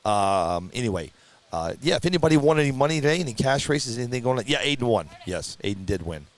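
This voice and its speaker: A man's voice: medium pitch, fast, a little hiss or hum. Man, race announcer, livestream host, casual chatty commentary, easygoing. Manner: chatty and easygoing, bursts into excited shouts at upsets. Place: at a drag racing event.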